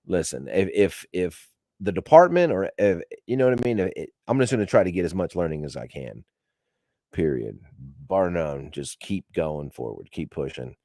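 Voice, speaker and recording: Podcast host, male with a lowish voice, loose rambling delivery, swears freely, dry close-miked sound. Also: a little mellow, dry recording. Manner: rambling, profane, laughing as he talks. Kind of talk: casual storytelling to a live audience.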